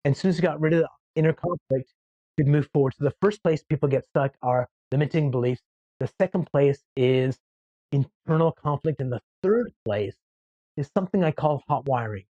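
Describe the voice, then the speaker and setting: A man speaking as a guest coach in a podcast interview, telling stories in an animated way and acting out what people say. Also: a little high, brisk, no echo, lo-fi sound. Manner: animated storyteller who acts out quoted voices. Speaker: guest, behavior-change coach.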